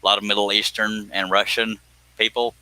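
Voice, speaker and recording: A male livestream host who designs scroll saw patterns rambles and jokes in a folksy way while he works, exclaiming "by God." His voice is fairly low and flat, brisk, pushed and bright, and the audio is poor with no room sound.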